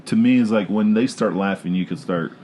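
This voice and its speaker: A man's voice: lowish voice, a little fast, mellow, slight background noise. A man hosting a casual movie chat, loose and rambling with many ums.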